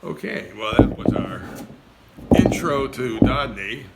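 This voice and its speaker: A man's voice: mid-range voice, expressive, slow pace, heavy background noise. A man hosting his own music show from his porch, chatting in a loose, rambling way. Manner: loose, rambling, lots of fillers. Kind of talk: casual chat. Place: home lanai porch.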